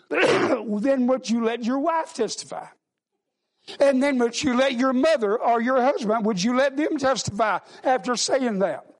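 A man's voice: very high-pitched, a little slow. A man preaching a sermon in a folksy way, calling out to the congregation and often repeating and restarting his words.

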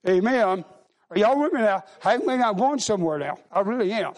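A male preacher delivers a sermon in a very high-pitched voice. He talks in a folksy way, checking in with his congregation and often circling back to repeat and restart his words. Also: lively intonation, brisk.

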